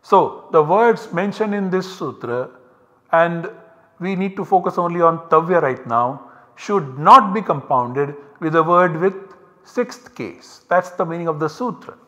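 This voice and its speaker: A man with a slightly higher voice lectures to a class, patiently walking through each step and repeating key points. His voice carries a long reverb, as if recorded in a lecture hall. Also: animated, unhurried, a bit bright, lo-fi sound. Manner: methodical, explains step by step with repetitions. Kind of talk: university lecture.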